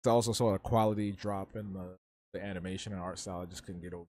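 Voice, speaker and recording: A man's voice: deep voice, steady tone, fast, darkish tone, slight background noise. Man chatting casually on a live stream. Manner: loose slangy banter, reading and answering chat. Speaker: livestreaming artist. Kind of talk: casual live-stream chat while drawing.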